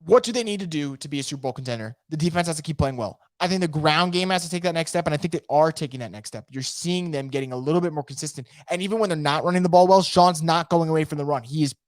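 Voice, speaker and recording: A man hosting a casual live sports podcast from home, energetic and opinionated, rambling with frequent restarts. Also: fairly high pitch, fast talker, few pauses, no room sound, studio quality. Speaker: podcast host. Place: home room.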